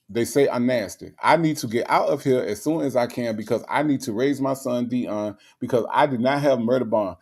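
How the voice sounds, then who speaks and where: A man's voice: mid-range voice, darkish tone, lightly acted. A man putting on the voice of a jailed man who keeps insisting he is innocent in broken, repetitive speech.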